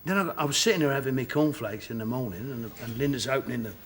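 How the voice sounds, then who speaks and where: A man's voice: mid-range voice, quick pace, a bit bright, slight background noise. A middle-aged man with a Cockney accent, an actor guest on a chat show, telling stories with laughter and acted-out quotes. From England. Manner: laughing storyteller, acts out quotes.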